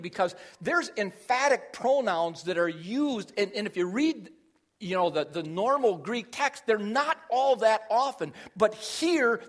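High-voiced preacher building to emphasis. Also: male voice. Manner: emphatic preaching, rising loud on key phrases. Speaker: pastor. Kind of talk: sermon.

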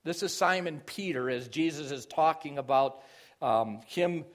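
A man's voice: fairly high pitch, unhurried. A middle-aged man preaching a sermon, explaining scripture and rising in force on key phrases. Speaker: pastor.

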